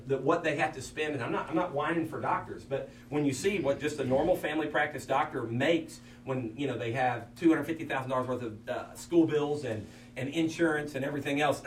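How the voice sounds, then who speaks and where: A man, a pastor, preaching in a folksy, anecdotal way with many asides. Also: a little high. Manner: folksy storyteller, many "I mean" asides, acts out quotes. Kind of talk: anecdotal preaching to fellow ministers. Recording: roomy sound from a distance with faint hum.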